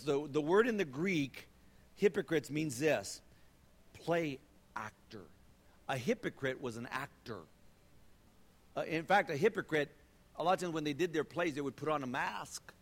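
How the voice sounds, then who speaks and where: A man, a pastor, giving a sermon in a church in a conversational, animated way, often repeating phrases and checking in with "right?". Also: a little high, moderate pace, pauses often. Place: church sanctuary. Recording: long reverb of a church hall.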